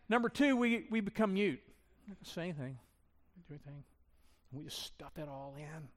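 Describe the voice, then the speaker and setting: A man's voice: fairly high pitch, animated, a little fast. A man preaching a sermon as pastor, conversational and self-deprecating, acting out the voices he quotes. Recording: long reverb of a large hall.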